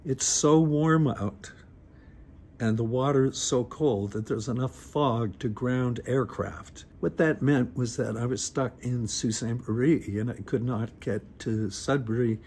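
A man's voice: mid-range voice, a little mellow, a little hiss or hum. Wry middle-aged man telling a story. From Northern Ontario. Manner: wry, self-deprecating, conversational. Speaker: radio host telling a personal story. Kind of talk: casual storytelling. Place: recorded on a phone. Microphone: phone.

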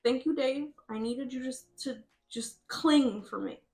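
A woman's voice: sits high, a little slow, darkish tone. A woman giving casual, chatty commentary over a game, laughing often and swearing freely. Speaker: host.

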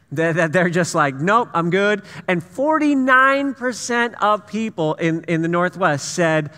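In a church sanctuary full of hall reverb, a pastor from the US Pacific Northwest delivers a sermon built on stories told with easy, self-deprecating humor. His voice is high-pitched, bright, and forceful.

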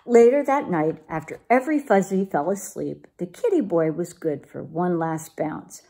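A woman reads a children's storybook aloud with a lively, expressive lilt. Her pitch moves a lot. Her voice has a light husk. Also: normal speed. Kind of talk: reading a picture book aloud.

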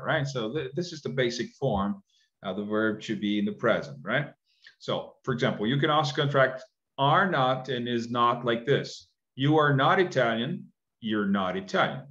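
A man's voice: medium pitch, a bit bright. A man teaching a recorded English lesson, chatty and coaxing, asking listeners to repeat words after him, in dull lo-fi audio.

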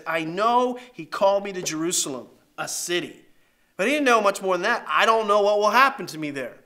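A middle-aged man preaching a sermon as pastor, animated and acting out voices in his stories. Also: high-pitched.

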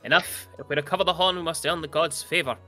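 A man voicing a gruff, quarrelsome northern chief with a Scottish accent. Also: a little high, fairly even intonation, quick pace, bright, forceful tone, soft background music. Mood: blustering.

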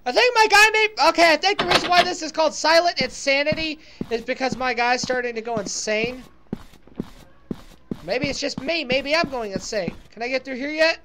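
A woman's voice: high-pitched, normal speed, background noise. A woman playing a horror game and commenting as she goes, reacting with fright and sympathy. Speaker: let's play gamer.

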